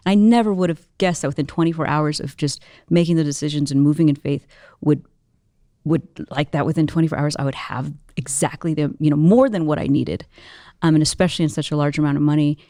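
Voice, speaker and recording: A woman guest in an interview, telling a personal story in an animated, expressive way, full of casual "like"s. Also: deep voice, fast talker, dry recording, clean studio sound. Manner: animated, expressive, many filler "like"s.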